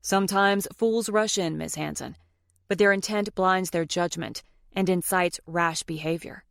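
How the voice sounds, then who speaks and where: A woman voicing a confident male lawyer in an audiobook, speaking calmly, earnestly and with a teasing edge. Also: fairly low pitch, measured pace, vocal fry, dry recording, clean studio sound. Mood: cool.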